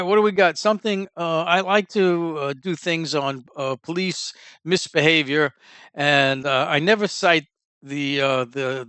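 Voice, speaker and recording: Northern us guy rambling thru the news on his podcast, lotta uhs, smooth voice, dead dry sound. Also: on the high side, fairly bright tone, no echo. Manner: rambling, many fillers and restarts. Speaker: podcast host. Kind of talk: casual news commentary.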